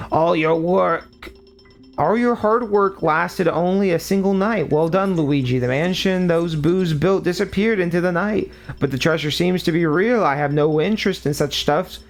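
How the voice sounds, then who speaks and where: A man reading game dialogue aloud while putting on the voice of a fussy, rambling old male ghost scientist. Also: fairly high pitch.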